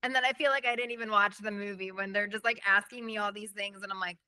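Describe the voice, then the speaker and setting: A woman's voice: mid-range voice, fairly even intonation, fast talker, sharp tone, clear, resonant tone, dry recording. A woman actress chatting casually in an interview, laughing often and acting out her own thoughts.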